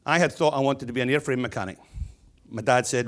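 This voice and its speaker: A man's voice: mid-range voice, fast talker, fairly bright tone. A Scottish man in his sixties giving a keynote speech as a stonemason, in a blunt, jokey, conversational manner. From Scotland.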